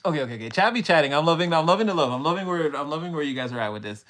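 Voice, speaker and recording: A man's voice: on the high side, animated, racing, fairly bright tone. A young man giving a live-streamed tarot reading, rambling and emotional, swearing casually as he talks to his chat. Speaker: tarot reader.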